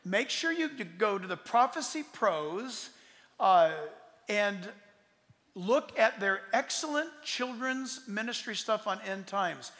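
A man's voice: high voice, lively intonation, slow pace. Emphatic older man preaching in a hall. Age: 60s. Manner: emphatic, rambling, swings loud and soft. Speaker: pastor. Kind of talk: answering audience questions. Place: large hall with audience. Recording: long hall reverb.

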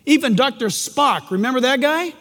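A male pastor preaching with a very high voice and lively, swooping pitch, joking and hammering his points home. His voice carries a long reverb through a large church sanctuary. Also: moderate pace. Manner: animated, jokey, emphatic. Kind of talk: sermon.

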